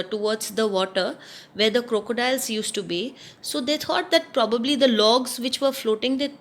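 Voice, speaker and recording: A woman reads a children's storybook as a lesson. She asks the young listeners questions and answers them herself, explaining words as she goes. Her voice sits a little high. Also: fairly bright tone. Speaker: teacher reading a storybook.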